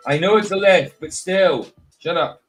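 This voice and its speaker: A man's voice: high voice, unhurried, soft background music. A British man hosting a casual podcast chat, rambling and laughing often. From United Kingdom. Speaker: podcast host.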